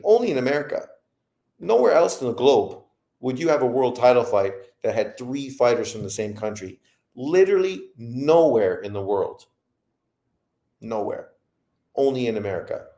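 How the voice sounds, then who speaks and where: A man's voice: medium pitch, gravelly, mellow, echoey room. A man hosting a boxing livestream who rants in profane commentary. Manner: profane, ranting. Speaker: boxing show host.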